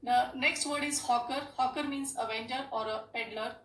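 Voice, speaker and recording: A woman's voice: sits high, fairly even intonation, moderate pace. A woman teaching an English lesson to schoolchildren in Indian English, explaining step by step and repeating key points. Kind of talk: classroom lesson. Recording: echoey room with faint hum.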